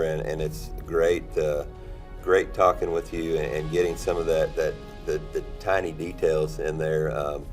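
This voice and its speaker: A man wrapping up an interview in a courteous, halting manner. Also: very deep voice, a little mellow, recorded from a distance. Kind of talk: closing an interview.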